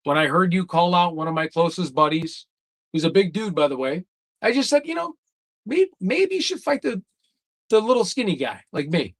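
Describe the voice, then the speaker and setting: A man's voice: sits high, big pitch swings, normal speed, no room sound. A man hosting a livestream, ranting in a heated, profane way and repeating his taunts. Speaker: livestream host. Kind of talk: livestream rant.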